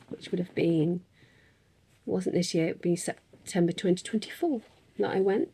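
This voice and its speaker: A woman's voice: medium pitch, vocal fry, dark tone, husky. A woman in a casual craft vlog, chatting in a rambling way with frequent ums and little laughs. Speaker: craft vlogger. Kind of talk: casual chat.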